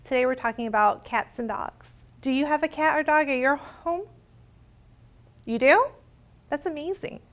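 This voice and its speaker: A woman children's librarian reading a picture book aloud, expressive and sing-song as she talks to young listeners. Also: high-pitched, normal speed, pauses often.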